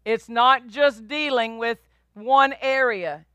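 A woman's voice: fairly high pitch, takes it slowly, a bit bright, smooth, dry recording. A woman pastor preaching a sermon, emphatic and repetitive, drawing responses from the congregation.

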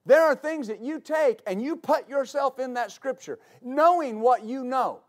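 High-pitched man preaching a sermon. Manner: explains slowly, then builds to shouting. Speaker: pastor.

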